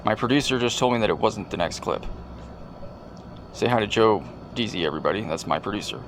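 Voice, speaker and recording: Deadpan rambling man hosting a video. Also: fairly low pitch, fairly quick, slight background noise. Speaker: video host. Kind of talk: casual commentary over video clips.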